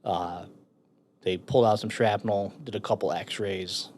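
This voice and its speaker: A man in his thirties from the United States speaks a little slowly in a lowish voice, with slight background noise. He's a firefighter and veteran appearing as a podcast guest, telling a war story casually, swearing and getting animated as he acts out the other people in it.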